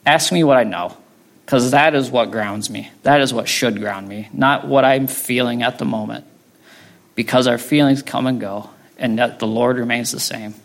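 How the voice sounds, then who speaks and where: A man preaches in a relaxed, conversational way with a gravelly edge to his mid-range voice. He checks in with his listeners between points and talks things through plainly. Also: mid-range voice, normal speed. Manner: conversational, tags lines with "right?". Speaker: pastor. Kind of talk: sermon.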